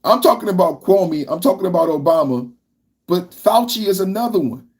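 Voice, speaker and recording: A man's voice: high voice, expressive, a little fast, a little mellow, husky. A man hosting a political podcast livestream, ranting in a loose, repetitive way and talking to his chat. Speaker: podcast host.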